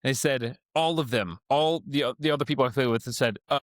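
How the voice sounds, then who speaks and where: Young man, podcast co-host, easygoing casual chat, mid pitch, dry close sound. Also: a little fast, dry recording. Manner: easygoing, brief replies.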